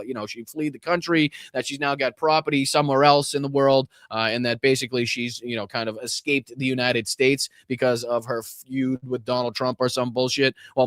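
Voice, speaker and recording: A man's voice: medium pitch, fairly bright tone, no room sound, studio quality. A man with a Boston accent hosting a casual live political commentary stream, sarcastic and profane, rambling with restarts.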